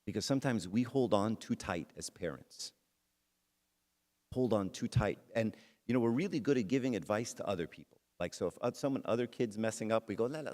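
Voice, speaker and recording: In a darkish voice on the low side, a middle-aged man gives a conversational church talk. He speaks straight to his listeners, anchoring the message in a personal story.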